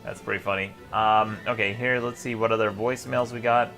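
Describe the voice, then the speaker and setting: A man's voice: lowish voice, steady tone, a little fast, creaky, sharp tone, faint music behind. A man hosting a live stream, reading viewer messages aloud in a sardonic, mock-tyrannical way and laughing often. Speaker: host. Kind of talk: live stream chat, reading super chats.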